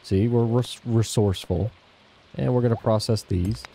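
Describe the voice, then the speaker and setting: A man's voice: mid-range voice, fairly even intonation, normal speed, mellow, slight background noise. A young man talking casually to his viewers while playing a farming game at home. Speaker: gaming channel host. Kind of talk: casual gameplay commentary. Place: home, indoors.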